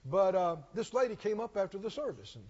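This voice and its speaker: A man's voice: sits high, sing-song, a little fast, darkish tone, husky. A man preaching a sermon in a church, emphatic and questioning, often repeating his lines. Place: church sanctuary. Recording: dull recording with long hall reverb.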